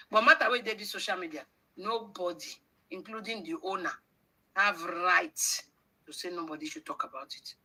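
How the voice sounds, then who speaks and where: A woman's voice: medium pitch, bright, forceful tone, low-quality recording. A woman with a Nigerian accent hosting a livestream, scolding her audience with rhetorical questions and slipping into pidgin. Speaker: livestream host. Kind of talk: livestream commentary.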